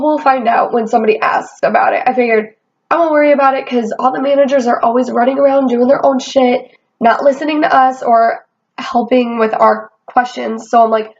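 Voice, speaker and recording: A young woman tells a casual storytime rant in a fairly high voice, animated and swearing freely. The recording is dull and lo-fi. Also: fairly quick. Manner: swearing, animated, quotes herself often. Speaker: vlogger. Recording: dull lo-fi sound.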